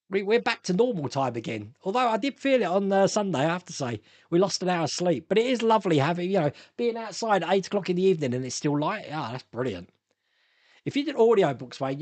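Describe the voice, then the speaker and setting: A middle-aged man hosts a casual live stream, chatting, laughing often, and reading viewer comments aloud. His voice sits high, and there's no echo.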